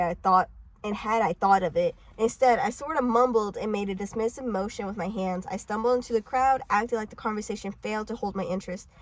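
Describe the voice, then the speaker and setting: A woman's voice: medium pitch, a little fast, no room sound, poor audio. A woman casually reading a novel aloud in a parked car, with stumbling restarts and swearing asides. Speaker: audiobook reader.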